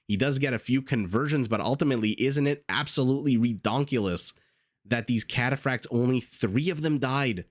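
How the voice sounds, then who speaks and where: A man casting a strategy video game, reviewing the match in a chatty, self-deprecating way with frequent filler pauses. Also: mid-range voice, dry recording, studio quality. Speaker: game caster. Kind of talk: post-game esports commentary.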